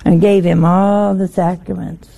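A woman's voice: lowish voice, little pitch movement, measured pace, gravelly, warm tone. An older woman giving a folksy sermon, often putting rhetorical questions to her listeners. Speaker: religious teacher.

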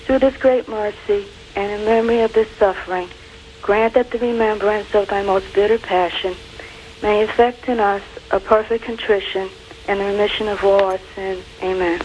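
A woman calling in to a religious show, reciting a formal prayer in a devout, earnest, measured way. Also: mid-range voice, steady tone, a little mellow, slight background noise, low-quality recording. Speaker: caller.

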